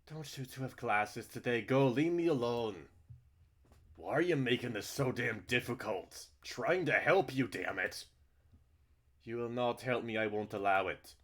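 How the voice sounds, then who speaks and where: A man with a deep voice reads the lines of a middle-aged uncle eaten up by guilt and self-loathing, whose outbursts are anguished and self-pitying. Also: fairly even intonation, normal speed. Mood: bitter.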